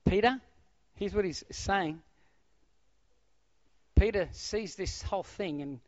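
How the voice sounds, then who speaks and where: A middle-aged man preaching a sermon, swinging from loud exclamations to hushed, almost whispered lines. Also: high-pitched, takes it slowly, long pauses, no echo. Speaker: pastor. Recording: dull, dry lo-fi sound.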